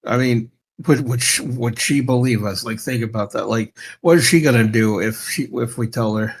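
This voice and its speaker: Husky guy playing d&d, stammers and restarts a lot. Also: mid-range voice. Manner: halting, stammering, laughs often. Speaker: tabletop game player. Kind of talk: casual gaming banter.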